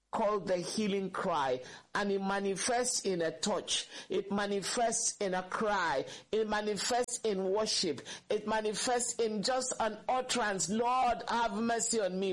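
A man with a high voice preaches a sermon, reading scripture aloud in an unhurried, measured way. He lingers over each phrase and lifts into fervent pleading at times. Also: low-quality recording.

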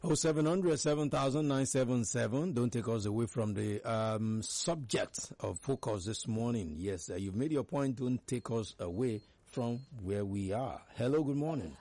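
A man with a Nigerian accent hosting a morning call-in radio show, speaking in an earnest, measured way and keeping callers firmly on topic. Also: mid-range voice, a little mellow, dry recording. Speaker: radio phone-in host.

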